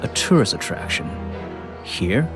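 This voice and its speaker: An actor playing a gruff, skeptical male detective in a video game, talking with a sarcastic edge. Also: measured pace, loud music behind the voice, lightly acted.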